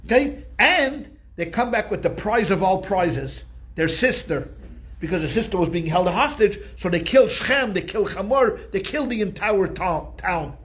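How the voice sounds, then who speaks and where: Speaking at a moderate speed in a high voice, a male rabbi leads a Torah class. He tells the story animatedly and conversationally, frequently starting his phrases over.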